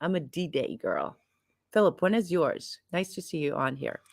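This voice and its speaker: A woman's voice: low-pitched, big pitch swings, normal speed, creaky, no room sound. A woman co-hosting a casual live stream, teasing her partner and reading out viewer questions. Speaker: co-host. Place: home in Sicily.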